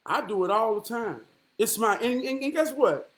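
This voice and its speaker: Man, high-pitched, very animated intonation, impassioned monologue, profane, preachy, rhetorical questions. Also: moderate pace. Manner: repeats "man" as a filler.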